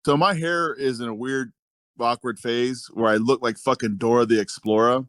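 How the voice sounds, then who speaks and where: A man's voice: medium pitch, steady tone, moderate pace, fairly bright tone, no room sound, clean studio sound. A man guesting on a podcast as a wrestler, telling laid-back, profane anecdotes in casual chat.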